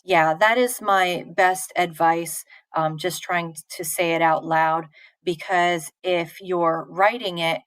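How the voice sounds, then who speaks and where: Female teacher, unhurried explanations, slightly low pitch, casual live-lesson delivery. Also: fairly even intonation, a bit bright, no echo, low-quality recording. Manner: patient, informal, many fillers and restarts. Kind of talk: live online poetry lesson answering chat questions.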